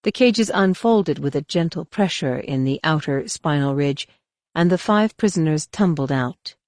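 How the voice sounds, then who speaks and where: A woman's voice: low-pitched, expressive, normal speed, a little mellow, no echo, studio quality. A woman narrating a science-fiction audiobook dramatically, voicing the characters. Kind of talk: scripted narration.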